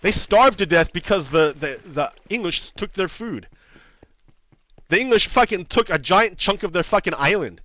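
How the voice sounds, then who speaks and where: Man, heated profane rant over gameplay, fairly high voice, dry and dull lo-fi sound. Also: expressive, moderate pace, pushed and bright, no echo. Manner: heated and profane, repeats phrases, laughs often. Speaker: gaming video host. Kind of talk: casual ranting commentary over gameplay. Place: home setup with green screen.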